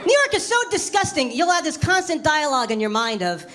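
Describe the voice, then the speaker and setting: A woman doing a stand-up comedy set on a club stage, wry and animated, jumping into squealy voices for the people she quotes. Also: sits high, a little fast, background noise. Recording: live club recording with crowd laughter. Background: audience laughing.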